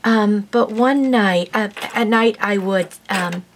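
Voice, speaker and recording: A woman's voice: mid-range voice, slow pace, slight background noise. A woman vlogger telling a heartfelt personal story to her viewers in a casual, rambling way, with many fillers and an emotional, sometimes tearful tone. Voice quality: warm, emotional, tearful at times.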